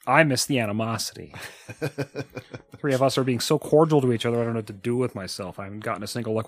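A man's voice: medium pitch, fast talker, fairly bright tone. A man hosting a podcast, chatting casually and telling crude, joking stories. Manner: profane, jokey storytelling with put-on voices. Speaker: podcast host.

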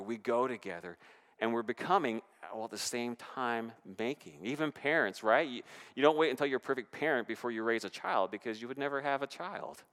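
A man preaching a sermon in a church, animated, with rising and falling emphasis. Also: mid-range voice. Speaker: pastor. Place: church sanctuary. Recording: reverberant church hall.

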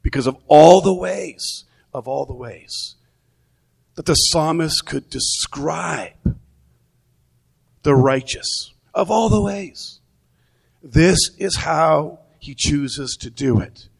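Male pastor, unhurried sermon delivery, gravelly tone, conversational with restarts. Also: fairly high pitch, expressive. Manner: conversational, repeats words while thinking.

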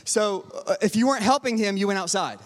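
A man preaching with a high voice, mixing jokes and personal stories into his sermon. He drops into quiet asides, then builds to loud, rousing calls to the congregation. His voice rings out with a long reverb, as in a church sanctuary. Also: quick pace. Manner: energetic and humorous, swings from quiet asides to loud exhortation. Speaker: pastor.

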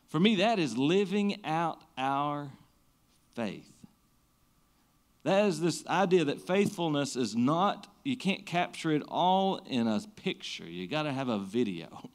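A man's voice: a little high, very animated, unhurried. Man preaching conversationally. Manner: conversational preaching, frequent restarts, rises and drops in energy. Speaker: pastor. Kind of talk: sermon.

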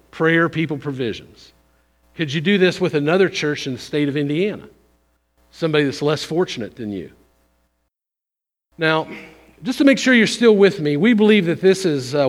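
Folksy preaching man in a reverberant church. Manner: conversational, folksy, rising emphasis then dropping low. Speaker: visiting missions speaker. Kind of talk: sermon. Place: church sanctuary. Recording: long hall reverb.

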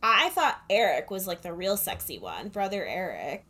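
A woman co-hosting a podcast recaps a film plot in casual chat, chatty and sarcastic, laughing often into a corded headphone mic. Her lowish voice is bright and forceful, swinging hugely in pitch at normal speed.

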